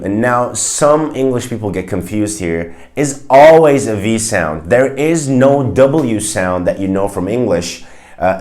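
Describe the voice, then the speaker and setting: Man, low voice, casual language teacher, explains patiently, demonstrates sounds slowly. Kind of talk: casual video lesson.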